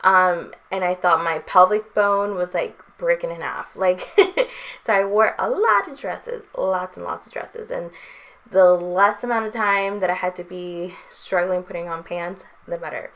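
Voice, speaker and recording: A woman's voice: on the low side, measured pace, a bit bright. A young woman vlogging in a casual, chatty way, with lots of "um" and "like" and light laughter. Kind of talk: casual chat.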